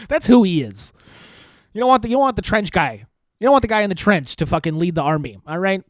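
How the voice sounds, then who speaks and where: A man's voice: high voice, big pitch swings, normal speed, no room sound. A man hosting a podcast, rambling through political commentary in a profane, sarcastic way and laughing often. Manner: profane, sarcastic, laughs often, puts on mocking voices in quotes. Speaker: podcast host.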